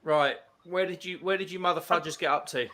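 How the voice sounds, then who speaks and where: A man hosts a relaxed livestream with mates. His voice is bright and sits a bit high, and he drifts between teasing banter and reading chat comments aloud. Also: brisk. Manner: reads out chat comments, joking. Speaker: livestream host. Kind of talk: casual banter.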